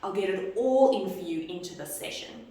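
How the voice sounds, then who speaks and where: A woman fitness instructor talks through an online lesson in an expressive, coaching manner. Her voice bounces around a very echoey room. She sits some way from the microphone, so the sound is distant. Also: fairly low pitch, moderate pace. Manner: expressive, acts out greetings to clients.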